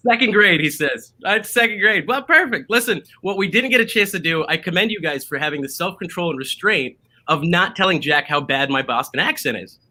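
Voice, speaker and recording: A man hosts a laid-back online drinking show from a video call, upbeat and chatty, with plenty of "uh"s. His voice is bright and sits a touch high. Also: expressive, a little fast. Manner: upbeat, chatty, many fillers. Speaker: show host.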